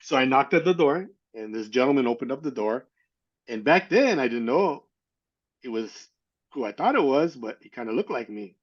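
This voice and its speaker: A man's voice: medium pitch, big pitch swings, normal speed, highs cut off. A man from California telling a personal story as an interview guest, acting out the people he quotes. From California, USA.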